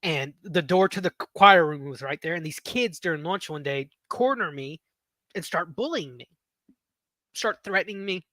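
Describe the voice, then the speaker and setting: Chatty, high-voiced man. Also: lively intonation, normal speed, sharp tone, no room sound. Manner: rambling, self-interrupting storyteller. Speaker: podcast host. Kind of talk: casual storytelling chat.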